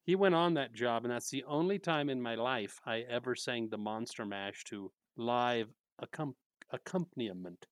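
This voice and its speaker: A man's voice: medium pitch, normal speed, dry recording. A man co-hosting a casual podcast chat, telling theater stories with lots of laughter. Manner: lively storyteller, laughs often. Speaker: podcast co-host, mystery theater actor.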